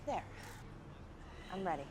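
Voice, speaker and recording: A woman's voice: unhurried, background noise, lightly acted. An actress playing an earnest woman detective, awkward and self-conscious while making small talk undercover. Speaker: police detective.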